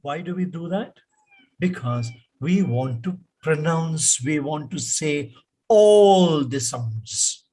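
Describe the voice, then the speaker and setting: A man with an Indian English accent teaching pronunciation in an online class, slow and patient, repeating words for students to echo. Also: a little high, darkish tone, a little hiss or hum.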